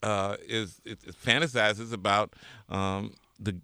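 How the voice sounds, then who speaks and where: A man's voice: fairly low pitch, fairly even intonation, measured pace, pushed and bright, clear, resonant tone, no echo, studio quality. A man co-hosting a casual talk show, teasing playfully and laughing often. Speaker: co-host. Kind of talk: casual chat.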